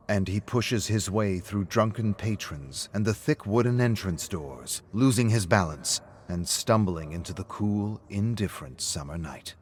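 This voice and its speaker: A man reading scripted story narration in a measured way. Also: deep voice, expressive, slight background noise.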